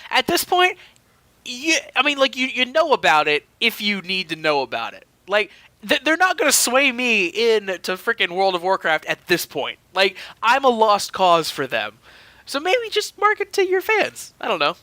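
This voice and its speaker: A man's voice: high voice, huge pitch swings, normal speed, pushed and bright, no room sound. A man in his thirties co-hosting a podcast, telling stories in a rambling, filler-heavy casual chat. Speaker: podcast co-host.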